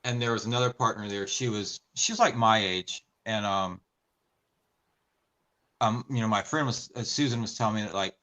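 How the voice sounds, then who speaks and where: A man in casual podcast chat, telling personal stories in an earnest, halting way. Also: lowish voice, sharp tone, rough recording. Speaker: podcast co-host.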